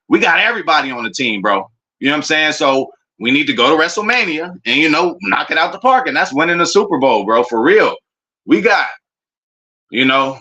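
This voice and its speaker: A man streaming a casual, excitable reaction to his football team's draft picks, full of slang and talking straight to his chat. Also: fairly high pitch. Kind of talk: casual live reaction commentary.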